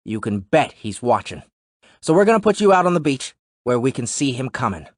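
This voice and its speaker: A breezy, joking cop who shrugs things off, as a male narrator acts him out. The voice rides above the narrator's low tone, loose and casual, recorded dry and close. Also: big pitch swings, a little fast, no room sound. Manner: wisecracking, breezy. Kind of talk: audiobook narration.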